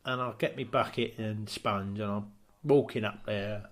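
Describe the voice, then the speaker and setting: A man's voice: on the low side, measured pace. A man, co-hosting a comedy podcast and telling an absurd story, acting out the voices of the people in it. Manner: animated, acts out quoted voices. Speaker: co-host. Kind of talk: comic storytelling.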